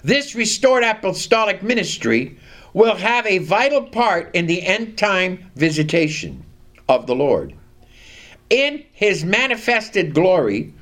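A high-pitched, slightly bright male voice delivers a sermon. He reads scripture, deliberately emphasizing key words, and has the congregation echo lines back.

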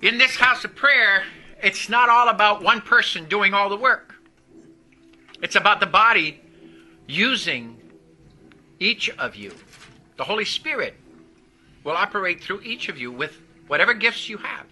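A man with a very high voice preaches a sermon. His delivery is emphatic and he keeps drawing answers from the congregation. The sound is sharp and bright. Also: expressive, unhurried, pauses often, poor audio. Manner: emphatic, calls for responses from the congregation.

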